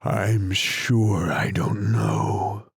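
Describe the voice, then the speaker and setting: A weary male lion with a deep, hollow voice that yawns through its words, as a male audiobook narrator puts him on. He drawls very slowly in a dry, close recording. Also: fairly even intonation, creaky, slightly rough, no echo, full character voice. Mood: growling. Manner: yawning, slow, drawling. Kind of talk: audiobook character reading.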